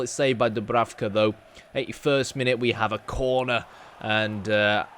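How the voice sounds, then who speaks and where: A man's voice: mid-range voice, a bit bright, slight background noise. A young man chatting casually through his football game, rambling and self-deprecating with plenty of fillers. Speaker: gaming YouTuber. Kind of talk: casual gameplay commentary.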